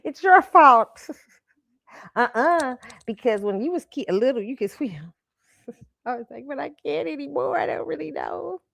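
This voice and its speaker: A woman's voice: high voice, big pitch swings, moderate pace, creaky, long pauses. A woman hosting her own show in casual chat, talking chattily and laughing often between phrases. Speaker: host.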